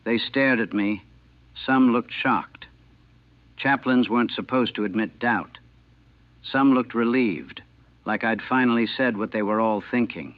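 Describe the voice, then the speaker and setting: A man narrating his wartime memories as a chaplain in a somber, measured, grave way. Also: medium pitch, no echo. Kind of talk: first-person war memoir narration. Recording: narrow phone-like band, dry.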